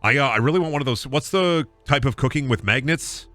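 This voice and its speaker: A man's voice: medium pitch, animated, a little fast, dry recording, soft background music. Man doing mock stand-up while gaming. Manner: mock stand-up, swings from mumbling to shouting. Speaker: streamer. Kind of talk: comedic gaming stream banter.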